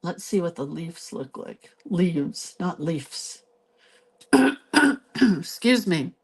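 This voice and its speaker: Woman host of a relaxed live doodle lesson, talking slowly and chattily as she draws, on a phone mic. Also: on the low side, breathy edge. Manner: chatty, thinks aloud while drawing. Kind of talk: casual live drawing tutorial. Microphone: phone camera.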